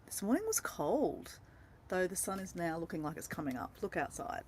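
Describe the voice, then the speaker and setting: An Australian woman chats casually to her livestream viewers from inside a camper van. Her voice swings widely, jumping up into high squeals when she greets people. Faint ambient noise sits behind her. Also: very animated, moderate pace. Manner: chatty and playful, squealing greetings. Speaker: vlogger greeting live viewers.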